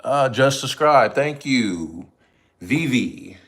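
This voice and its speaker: Slow, laid-back man chatting on a livestream. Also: mid-range voice, lively intonation, creaky, a bit bright, reverberant. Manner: laid-back, chatty, talks to viewers in chat. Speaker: livestream host. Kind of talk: casual livestream chat. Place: home kitchen.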